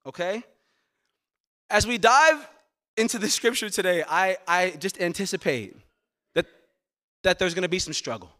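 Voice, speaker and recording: A man's voice: high-pitched, expressive, moderate pace, pauses often, pushed and bright. A man as pastor delivering a sermon, earnest, repeating words as he presses his points. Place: church sanctuary.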